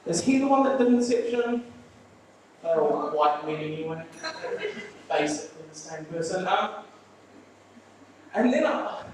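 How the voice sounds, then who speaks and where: A man tells stand-up stories to a small live crowd in a dry, deadpan, rambling way, full of ums and restarts. His voice sits a bit high. The rough recording is very echoey and picked up from well back in the room, with faint noise underneath. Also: far from the mic. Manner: deadpan, rambling storytelling with filler words. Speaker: stand-up comedian. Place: small live venue with audience. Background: audience laughter.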